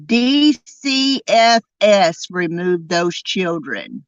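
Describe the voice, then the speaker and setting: A woman hosting a true crime podcast, delivering an indignant, emphatic monologue and drawing out key words slowly. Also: fairly low pitch, very animated, no echo, lo-fi sound. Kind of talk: angry commentary monologue.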